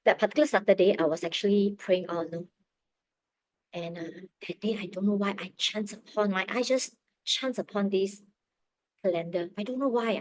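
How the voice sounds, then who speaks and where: A middle-aged woman tells a personal faith story with earnest, heartfelt emotion. Her pitch sits in an ordinary middle range, and she often sinks to a hushed, near-whispered tone. The sound is dry and close, with no room echo. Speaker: parent sharing testimony.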